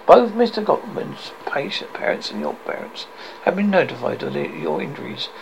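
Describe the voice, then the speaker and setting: Man reading as a stiff formal official, fussy, gravelly voice, lively pitch. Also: moderate pace, muffled recording, background noise, heavily acted.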